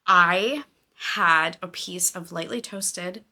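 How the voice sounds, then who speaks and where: A woman hosting a casual knitting and crafts podcast, chatty and excitable with a self-deprecating manner. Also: on the low side, slow. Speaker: podcast host. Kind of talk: casual chat.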